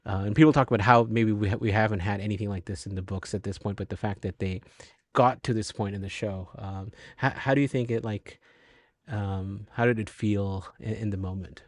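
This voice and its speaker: A man hosting a casual fan discussion, halting and laughing with many restarts. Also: fairly low pitch, steady tone, dry recording. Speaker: show host. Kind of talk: casual chat.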